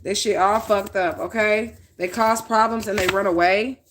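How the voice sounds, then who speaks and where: A woman's voice: mid-range voice, steady tone, moderate pace, noisy background. A woman doing a casual tarot reading, talking bluntly with plenty of swearing and often checking in with "okay?". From northern United States. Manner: blunt, profane, checks in with 'okay?'. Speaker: tarot reader.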